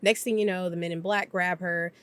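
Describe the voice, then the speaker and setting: This YouTube TV reviewer has a lowish, smooth voice that stays steady yet fairly bright. She's casually recapping an episode for her channel, chatting freely, leaning on filler words and slipping into quick impressions.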